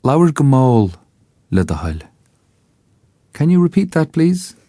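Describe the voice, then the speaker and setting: A man with an Irish accent narrating a scripted language lesson, saying each phrase slowly and carefully so listeners can repeat it. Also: a little high, big pitch swings, dark tone, no echo, studio quality. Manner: slow, careful enunciation for repetition. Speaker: language teacher.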